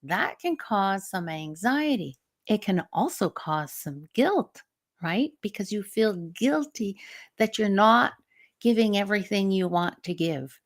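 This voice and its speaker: Reflective and medium-pitched, a middle-aged stress management coach and teacher guides a live show, frequently turning to ask the listener questions.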